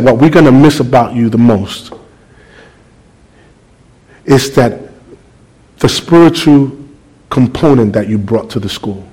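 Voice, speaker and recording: A man's voice: mid-range voice, low-quality recording. A middle-aged man preaching a sermon, telling a story with acted-out dialogue and asking the congregation questions. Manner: animated, acts out dialogue, rhetorical questions to the congregation.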